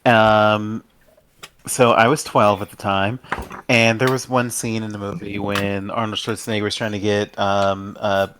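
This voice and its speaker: Man in his thirties, lowish voice, rambling anecdote teller. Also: flat delivery, unhurried, a bit bright, a little hiss or hum. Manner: rambling, laughs through the punchlines. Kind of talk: casual storytelling chat.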